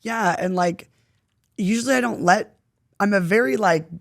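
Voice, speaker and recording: A young woman in casual chat as a podcast guest, animated and slangy, swearing freely. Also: medium pitch, moderate pace, creaky.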